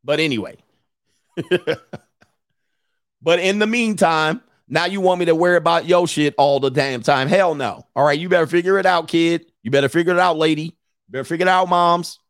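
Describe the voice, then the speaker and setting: A man with a slightly high speaking voice rants on a livestream as a life coach. He is blunt and profane, hammers his points home with repeated phrases, and laughs between them. The sound is dry and close, with no room echo. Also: normal speed. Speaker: life coach hosting a live stream. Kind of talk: casual livestream rant answering super chats.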